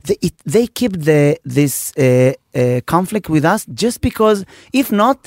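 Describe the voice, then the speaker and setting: A man's voice: on the high side, big pitch swings, moderate pace, darkish tone, no room sound. A man with an Israeli accent, a comedian co-host joking in casual talk-show banter.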